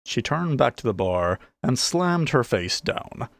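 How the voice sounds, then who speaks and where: A man narrating a fantasy audiobook with expressive storytelling. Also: mid-range voice, unhurried, gravelly, no room sound.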